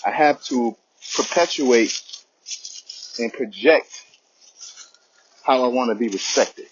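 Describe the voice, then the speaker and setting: Male lay teacher, conversational scripture talk, muffled low-fi recording. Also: slow, background noise. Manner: conversational, repeats "you know what I'm saying". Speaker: teacher of a religious lesson. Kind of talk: informal spoken teaching.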